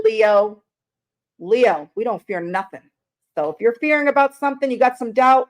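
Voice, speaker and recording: A woman's voice: fairly high pitch, expressive, moderate pace. A middle-aged woman giving a chatty live-stream tarot reading, greeting viewers by name and swearing casually. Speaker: tarot reader.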